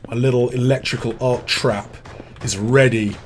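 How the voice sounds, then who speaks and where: During a relaxed gaming livestream, a man from Britain chats, reads viewers' messages aloud, and jokes about himself. His medium-pitched voice keeps fairly even intonation at a normal speed, with a little hiss or hum in the audio.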